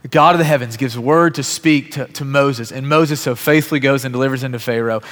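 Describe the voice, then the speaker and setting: Speaking briskly in a medium-pitched, fairly bright voice, a man in his thirties preaches as a pastor. He tells stories earnestly and conversationally, and the sound carries a long reverb from the hall.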